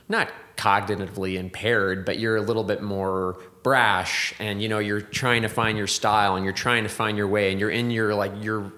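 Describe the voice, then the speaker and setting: A man with a somewhat low voice talks through his craft in a relaxed podcast interview. He thinks aloud as he goes, restarting sentences and leaning on fillers. Now and then he drifts into a reflective, poetic way of putting things. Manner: thoughtful, rambling, many restarts and fillers. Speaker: whiskey distiller and blender.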